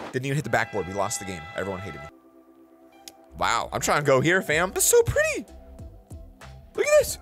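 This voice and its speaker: A young man hosting a reaction video, chatting casually and jokingly straight to his viewers. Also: medium pitch. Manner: animated, jokey, talks straight to viewers with slang.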